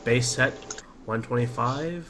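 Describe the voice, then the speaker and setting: A man's voice: medium pitch, takes it slowly, heavy background noise. A man co-hosting a casual podcast chat, upbeat and enthusiastic as he presents news.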